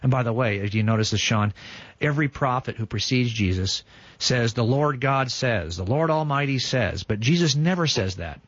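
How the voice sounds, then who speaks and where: Male talk show host, slightly husky, reads scripture with emphatic quotes, dull dry studio sound. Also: mid-range voice, animated, normal speed, dry recording.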